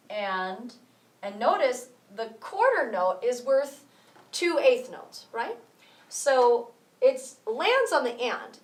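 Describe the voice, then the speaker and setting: A woman teaching a music rhythm lesson, explaining step by step and counting beats aloud. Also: a little high. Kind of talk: rhythm tutorial. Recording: roomy echo, voice from some distance.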